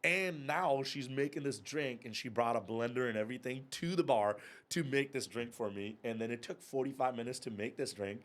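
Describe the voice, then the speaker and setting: A man's voice: mid-range voice, normal speed, few pauses. A man in his thirties, a podcast guest, telling a long story casually and animatedly, swearing and laughing along the way. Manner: animated, profane, laughing through his anecdotes. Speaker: podcast guest, whiskey club and bar owner.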